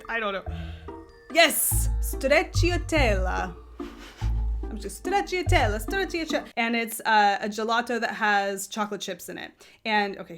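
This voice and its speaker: A woman hosting a knitting podcast, chatting casually in a rambling, self-correcting way. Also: medium pitch. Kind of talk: casual chat.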